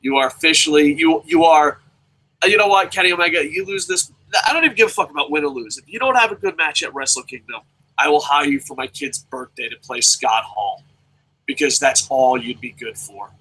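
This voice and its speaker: A man's voice: on the high side, a little fast, pushed and bright, husky, low-quality recording. A man hosting a wrestling preview chat, ranting with heavy swearing and passion. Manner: profane, impassioned ranting. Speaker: host.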